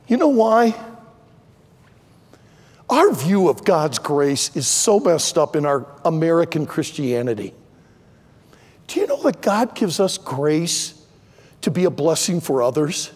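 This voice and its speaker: An older man preaching a sermon as pastor, swinging from loud impassioned pleading to quieter conversational asides. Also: a little high, big pitch swings, slow pace, long pauses, husky, in a large hall. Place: large church sanctuary.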